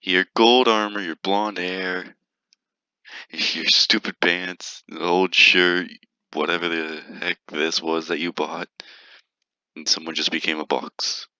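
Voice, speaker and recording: A man's voice: low-pitched, steady tone, slow pace, sharp tone, no echo. A man giving playful, teasing gameplay commentary, giggling and humming to himself as he plays. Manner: teasing, giggly, mutters and hums while playing. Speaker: gaming video creator. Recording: dull lo-fi, dry.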